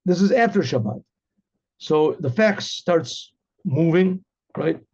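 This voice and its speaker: A rabbi telling a story in first person and acting out the dialogue, now and then clearing his throat. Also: on the high side, lively intonation, takes it slowly, darkish tone. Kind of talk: spoken storytelling. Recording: dull lo-fi recording.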